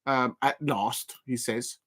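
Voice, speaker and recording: A man with a South London accent, hosting a live race watch-along and commenting in a rambling, halting way with many fillers. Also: mid-range voice, steady tone, bright, forceful tone. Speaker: live stream host.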